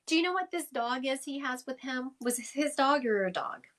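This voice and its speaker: A woman's voice: sits high, lively intonation, a little fast, fairly bright tone. A woman, a psychic medium giving an emphatic, affectionate reading to viewers on a live stream from her phone. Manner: chatty, emphatic, affectionate, addressing viewers directly.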